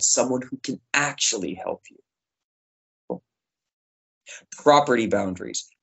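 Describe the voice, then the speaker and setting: A man teaching a lesson to children. His voice sits at an everyday middle pitch. He talks in a chatty, lively way and acts out little example phrases along the way. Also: rough recording. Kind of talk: classroom lesson for kids.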